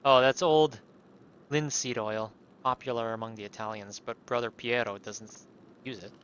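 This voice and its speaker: A man putting on a slow, calm blind nun. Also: medium pitch, highs cut off, a little hiss or hum, voice pushed down, natural voice. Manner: slow, measured.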